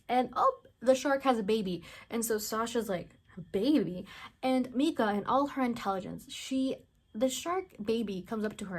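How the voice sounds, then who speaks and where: A woman casually recapping a film plot, rambling and chatty with lots of "like" and blunt, mocking asides. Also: a little high. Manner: rambling, chatty, heavy use of "like", acts out characters' lines. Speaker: movie reviewer.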